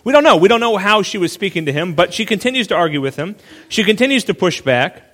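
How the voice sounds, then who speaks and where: A male pastor preaching a sermon in a relaxed, conversational way, full of asides and quick restarts. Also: sits high, big-room sound.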